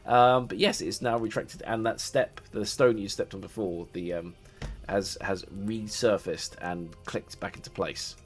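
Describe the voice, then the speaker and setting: A man's voice: fairly low pitch, fairly even intonation, measured pace, faint music behind. A man narrating as game master, loose and hesitant, often laughing.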